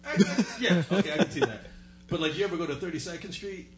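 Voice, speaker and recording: A man's voice: sits high, fast, soft background music. A man in casual chat, making blunt, teasing interjections.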